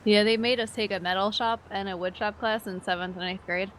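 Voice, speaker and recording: A young woman of middling pitch chatting easily on a gaming stream, telling stories and laughing lightly. A faint hiss runs under her voice. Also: steady tone, brisk, a bit bright. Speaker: streamer co-host. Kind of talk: casual gaming stream chat.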